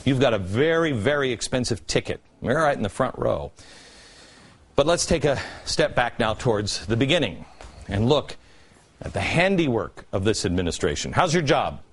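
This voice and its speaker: A man's voice: big pitch swings, moderate pace, slightly rough. A man hosting a political commentary show, delivering a sarcastic monologue full of rhetorical questions. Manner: sarcastic, rhetorical questions, dramatic pitch swings. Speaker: TV commentary host.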